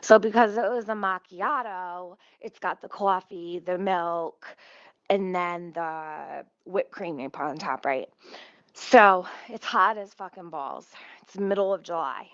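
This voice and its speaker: A woman's voice: fairly low pitch, a little slow, no room sound, highs cut off. Swearing woman telling a rambling story. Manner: profane, rambling and animated. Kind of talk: casual storytime. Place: at home near her kitchen stove.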